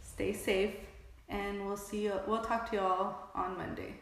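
A woman's voice: medium pitch, flat delivery, unhurried, a little hiss or hum. A young woman co-hosting a podcast, chatting casually about a TV show with lots of filler words and frequent laughs. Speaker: podcast co-host. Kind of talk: casual chat recapping a TV show. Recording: very echoey room.

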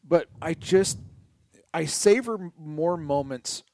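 A middle-aged man co-hosting a podcast, chatting casually about sports and telling stories with drawn-out, emphatic words. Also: a little high. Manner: animated storyteller, stretches key words. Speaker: podcast co-host.

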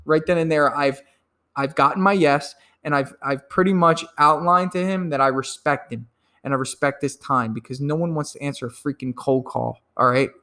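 A man giving a sales training talk, emphatic and quick to act out phone calls, often repeating words as he goes. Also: fairly high pitch. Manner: repeats words when excited. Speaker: sales coach.

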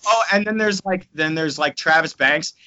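A man's voice: fairly high pitch, moderate pace, bright, forceful tone. A young man co-hosting a podcast, rambling casually with lots of swearing and jokes. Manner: rambling, profane, joking. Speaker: podcast co-host. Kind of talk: casual chat. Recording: dull lo-fi podcast audio.

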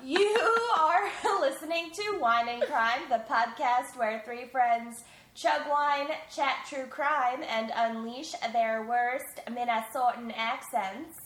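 A woman's voice: on the high side, slow, a bit bright, echoey room, a little hiss or hum. A woman co-hosting a podcast, chatting casually with friends and laughing often. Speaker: podcast co-host. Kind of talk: casual chat.

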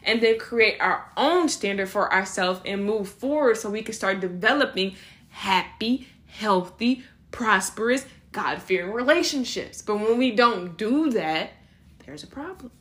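A young woman talks through a faith-based podcast episode. She is casual and animated, and small laughs slip in between her phrases. She keeps an easy, middle-pitched speaking voice throughout. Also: measured pace. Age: young adult. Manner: animated, slips into acted voices for quotes. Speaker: podcast host.

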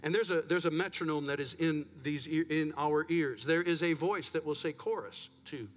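A man's voice: a little high, steady tone, normal speed. A man pastor preaching a sermon in a church, chatty and self-deprecating, a bit out of breath. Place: church sanctuary.

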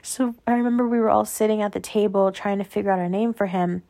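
A woman's voice: medium pitch, steady tone, fast, vocal fry, warm tone. A young adult woman hosting her own show, chatting casually and rambling through stories with lots of "like" and tangents. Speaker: podcast host. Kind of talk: casual solo chat.

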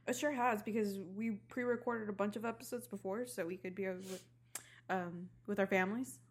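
A woman's voice: medium pitch, fairly even intonation, a little fast. A young woman co-hosting a podcast, chatting casually with a lot of giggling and teasing. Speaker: podcast co-host. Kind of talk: casual chat.

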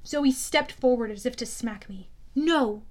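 Audiobook read by a woman with a high voice, steady and plain. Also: normal speed. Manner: steady storytelling with small self-corrections. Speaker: audiobook narrator. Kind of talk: audiobook narration.

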